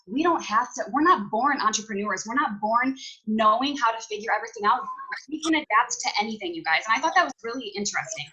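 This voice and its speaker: Chatty young woman, bright emphatic voice. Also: on the high side, lively intonation, quick pace, muffled recording. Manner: chatty, emphatic, repeats key points, lots of "you guys" and "like". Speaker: team leader recapping a conference. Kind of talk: casual motivational talk on a video call. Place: at home. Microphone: video call.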